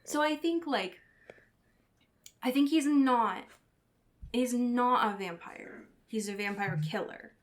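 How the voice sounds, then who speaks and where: A woman's voice: fairly high pitch, slow pace, pauses often. A woman co-hosting a podcast in casual chat, retelling scenes in quoted voices and swearing casually. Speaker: podcast co-host. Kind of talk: casual chat recapping a TV show.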